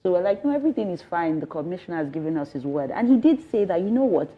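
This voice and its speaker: A woman's voice: fairly low pitch, sing-song, fast, narrow, tinny audio. A woman being interviewed, giving an earnest, distressed first-person account and often stopping to restart her sentences. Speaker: interviewee, resident and mother.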